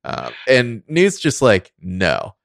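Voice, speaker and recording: A man's voice: sits low, lively intonation, fairly quick, fairly bright tone, no room sound, clean studio sound. A man co-hosting a podcast, chatting loosely about a film and swearing casually, with a lot of "like". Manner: loose and profane, heavy use of "like". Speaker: podcast co-host. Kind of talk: casual film review chat.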